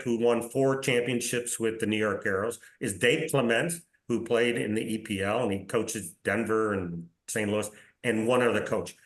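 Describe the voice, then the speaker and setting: A man in his sixties, a podcast guest telling career anecdotes in a casual, animated way, often acting out reported dialogue and checking in with "right?". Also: medium pitch. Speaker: interview guest, soccer league commissioner. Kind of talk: casual storytelling in a podcast interview. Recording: roomy echo.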